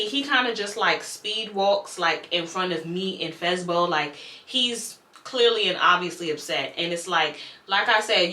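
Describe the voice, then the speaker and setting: Young woman ranting a storytime, bright voice, cusses a lot, echoey room. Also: on the low side, a little hiss or hum. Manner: animated, blunt, swears freely. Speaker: YouTuber telling a storytime. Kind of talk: casual storytime vlog.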